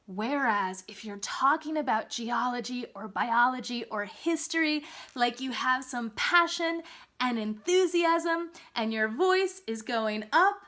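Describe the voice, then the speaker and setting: A woman teaching test preparation in an upbeat monologue, swinging her voice up and down to demonstrate. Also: slow. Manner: lively, swings pitch up and down to demonstrate. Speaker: English test prep teacher.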